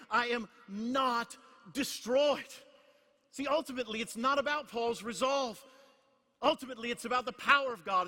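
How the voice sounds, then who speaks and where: Middle-aged male pastor, high pitched and piercing, hammers repeated phrases from a hush up to a shout; recorded with long hall reverb. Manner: emphatic, repetitive, swings from hushed to shouting. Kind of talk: sermon. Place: large conference hall.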